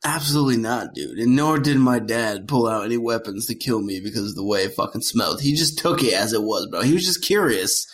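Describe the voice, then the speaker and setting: A man in his thirties co-hosts a casual podcast with a lively, swooping voice. He tells stories animatedly, swears freely, and ends nearly every sentence with "bro" or "dude.". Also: on the low side. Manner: profane, says "bro" and "dude" constantly, animated storyteller. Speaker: podcast co-host. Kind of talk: casual crude podcast banter.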